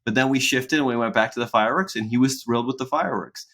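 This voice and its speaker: A man co-hosting a casual podcast conversation, rambling along with frequent restarts and soft laughs. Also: medium pitch, quick pace. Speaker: podcast co-host.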